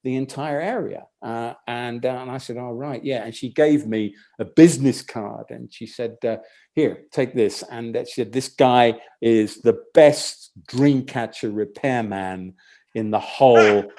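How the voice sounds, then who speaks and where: A man doing a rambling stand-up set, telling a long story in a halting, deadpan way full of restarts. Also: medium pitch. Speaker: stand-up comedian.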